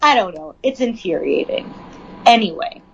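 A woman's voice: medium pitch, lively intonation, normal speed, lo-fi sound, a little hiss or hum. A woman casually reading news aloud and riffing on it with frank, profane asides. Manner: chatty, profane, reads news then riffs on it. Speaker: commentator.

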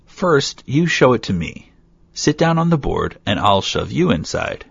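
A man's voice: mid-range voice, very animated, a little slow, creaky, fairly bright tone, breathy edge, pitched above the performer's own voice, exaggerated voice. A man doing a young girl in a raised voice. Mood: sly. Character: frightened young girl, clever. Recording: dull lo-fi recording.

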